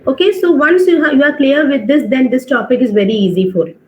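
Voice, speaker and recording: A woman's voice: sits high, quick pace, a little mellow, a little hiss or hum. A woman teaching an online English class, explaining step by step, checking with questions and mixing in Hindi phrases. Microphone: video call. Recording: dull online-class audio.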